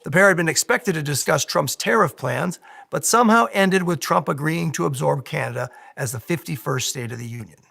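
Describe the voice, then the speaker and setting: A man delivering a mock evening news report in a straight-faced anchor style. His voice sits fairly high and carries a gravelly texture. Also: animated, brisk, sharp tone, no echo, studio quality.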